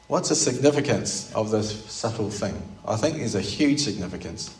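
This sermon comes from a pastor whose voice is fairly low and darkish in tone. Earnest and explanatory, he keeps asking rhetorical questions, and because he's seated away from the microphone, the sound rings out in a spacious, echoing room.

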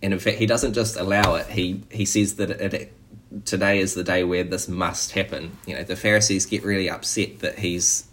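Casting: man, low-pitched voice, preacher, conversational sermon with easy restarts. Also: steady tone, moderate pace, few pauses, a bit bright, slight background noise. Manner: conversational, frequent "you know" and restarts.

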